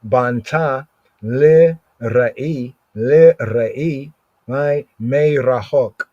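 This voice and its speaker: Guy going slowly through scripture, repeats words a lot, dry close sound, kinda dull lo-fi audio. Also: mid-range voice, a little mellow, dry recording. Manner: repeats Hebrew words over and over, often asking "right?". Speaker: scripture study teacher. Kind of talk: slow verse-by-verse scripture study. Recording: slightly dull lo-fi recording.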